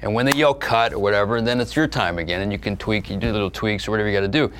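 A middle-aged actor telling stories in an interview, animated and profane, laughing often and sometimes dropping to a soft, low musing tone. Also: male voice, racing, slight background noise. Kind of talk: candid conversational storytelling.

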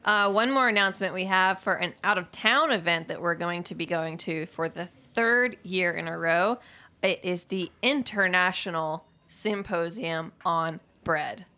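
A woman's voice: fairly low pitch, measured pace, bright, forceful tone. A young woman hosting a radio show in a studio, chatting casually and laughing often. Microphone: studio microphone.

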